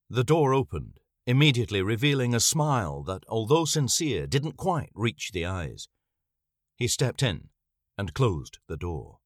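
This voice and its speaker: A man narrates a story in a low voice with lively rises and falls. The reading is measured and expressive, recorded dry and close. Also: dry recording. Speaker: audiobook narrator. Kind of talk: scripted narration.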